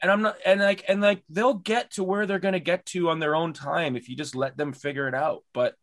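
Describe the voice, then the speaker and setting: A man's voice: fairly high pitch, steady tone, brisk, dry recording, studio quality. A man hosting a casual interview podcast, talking with enthusiasm and emphatic repetition. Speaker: podcast host.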